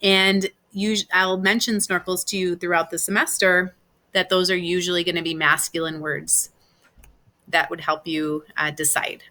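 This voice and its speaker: A woman's voice: lowish voice, level tone, moderate pace, bright, forceful tone. A woman teaching Spanish grammar in a recorded class, explaining patiently step by step with examples.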